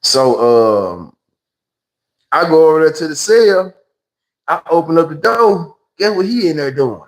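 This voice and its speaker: A man with a Memphis Southern accent spins a loose, slangy story on his phone livestream. His voice sits a bit high for a man, and he keeps slipping into other people's voices as he tells it. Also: big pitch swings, measured pace, rough recording. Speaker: livestream host.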